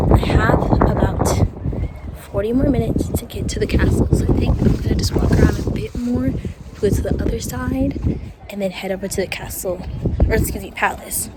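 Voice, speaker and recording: A woman travel vlogger chatting playfully to her viewers while touring a palace site outdoors on a handheld camera. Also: medium pitch. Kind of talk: casual travel vlog chat. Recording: outdoor ambience and passing vehicle noise.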